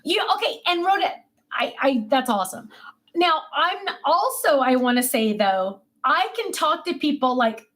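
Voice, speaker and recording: Woman, livestream host, chatty, self-mocking, casual chat at a desk, a bit high-pitched. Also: animated, normal speed. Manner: chatty, self-mocking, warm replies to viewers. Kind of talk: casual chat reading viewer comments. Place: home desk.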